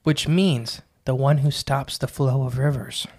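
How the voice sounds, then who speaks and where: A man's voice: medium pitch, fairly even intonation, a little slow, darkish tone. A man co-hosting a casual podcast, talking in a chatty, rambling way with lots of "uh" and "like". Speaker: podcast co-host.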